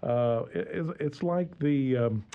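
A man with a clear, resonant, medium-pitched voice comes through at phone quality as a radio guest. In casual chat about history he laughs a lot, stumbles over restarts and leans on plenty of fillers.

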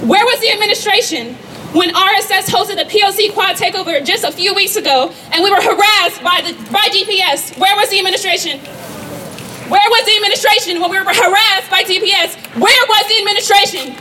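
A woman's voice: very high-pitched, fairly quick, bright, forceful tone. A young woman giving an impassioned protest speech at an outdoor campus rally, firing rhetorical questions at the crowd. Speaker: student rally speaker. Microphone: rally sound system. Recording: distant voice over crowd and noise.

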